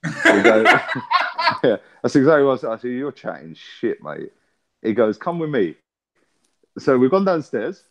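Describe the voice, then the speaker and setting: A man's voice: mid-range voice, big pitch swings, fairly bright tone. A man, swearing and telling a long story in a casual podcast chat. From England. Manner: swearing, storytelling with rapid back-and-forth. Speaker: podcast co-host.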